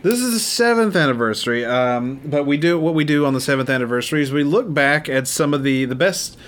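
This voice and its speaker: A man's voice: on the high side, expressive, a little fast. A man hosting a podcast, teasing his co-host in rambling casual chat. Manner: teasing, rambling, stammering restarts.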